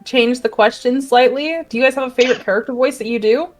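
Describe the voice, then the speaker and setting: A woman hosting a casual chat, enthusiastic and quick to laugh. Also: a little high, faint music behind. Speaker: host.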